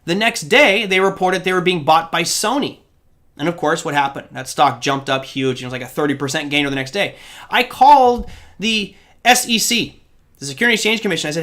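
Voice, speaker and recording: A man's voice: a little high, a little fast, fairly bright tone. A man hosting a live trading show, answering viewer questions in a chatty, rambling way with asides to the chat. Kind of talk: live-stream Q&A.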